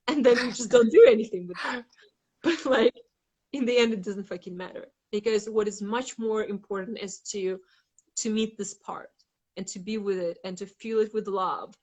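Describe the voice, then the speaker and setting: A woman guest facilitator in a casual spiritual chat speaks at normal speed in a mid-range, slightly mellow voice. She rambles frankly and bluntly, saying "like" constantly, swearing at times and dramatically acting out inner voices.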